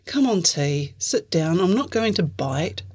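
A woman's voice: medium pitch, very animated, normal speed, no room sound, clean studio sound. A woman voicing a bold young shapeshifting woman who speaks in a casual, commanding way. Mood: calm.

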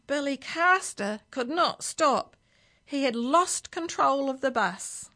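Woman reading a picture book to kids, unhurried and expressive, with a crisp, bright tone. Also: fairly high pitch. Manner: slow, expressive storytelling. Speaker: children's story reader at a library.

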